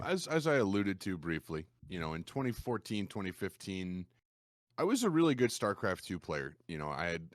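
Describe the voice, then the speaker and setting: A man with a low voice, a streamer guest on a podcast, telling his stories in a lively, animated way. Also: dry recording, clean studio sound. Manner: animated storyteller, acts out quoted gamers in a raised voice. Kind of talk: casual podcast conversation.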